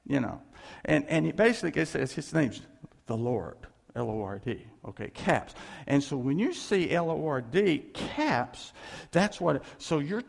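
A man preaching a conversational, animated sermon, full of asides and small laughs. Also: on the high side, gravelly, slightly rough. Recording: echoey hall with long reverb.

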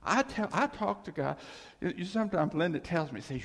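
A man preaching an informal sermon, animated and self-deprecating, with rambling asides. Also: sits high, brisk, creaky, long reverb tail.

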